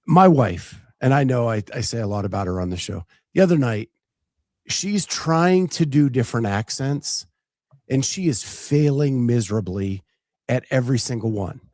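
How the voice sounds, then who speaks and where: A man in a casual host chat, rambling through his stories with lots of ums and restarts. His voice sits at an everyday middle pitch. The sound is close and dry, with no room around it. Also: animated, moderate pace, darkish tone, no room sound. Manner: chatty and storytelling, many fillers and restarts. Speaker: podcast host.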